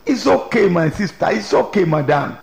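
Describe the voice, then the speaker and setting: A man voicing a calm male pastor at a burial who speaks evenly and with dry mockery, in a gravelly voice with a roomy echo. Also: high-pitched, normal speed. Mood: soothing. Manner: calm, dryly mocking.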